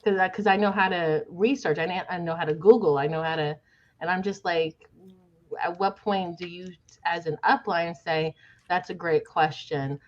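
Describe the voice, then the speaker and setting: A woman's voice: lowish voice, steady tone, normal speed, lo-fi sound. A woman guest on a podcast, explaining with emphatic exasperation in casual conversation.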